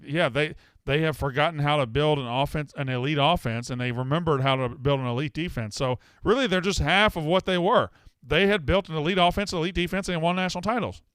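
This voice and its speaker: A man's voice: fairly high pitch, fairly bright tone, smooth, dry recording. A man from the American South hosting a sports betting call-in show, brash and heated, often cutting callers off. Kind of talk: casual call-in sports talk.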